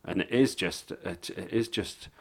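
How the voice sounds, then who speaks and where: A man with a fairly low voice talks comedy in a casual podcast chat. He's blunt and laid-back and swears freely. He sounds like an experienced middle-aged comic. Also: a little slow, gravelly, husky. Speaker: stand-up comedian.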